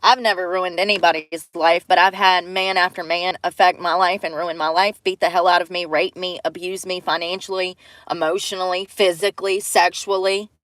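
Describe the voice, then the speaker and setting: A woman's voice: on the low side, little pitch movement, normal speed, a bit bright, dry recording. A woman hosting a casual livestream, talking bluntly to her chat, swearing freely and laughing often. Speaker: livestream host. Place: in a vehicle.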